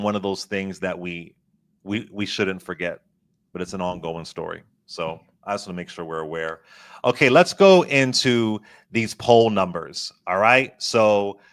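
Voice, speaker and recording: A man's voice: on the low side, fairly bright tone. A man guest-hosting a political commentary show, talking in an impassioned, emphatic way and repeating words for stress. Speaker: guest host.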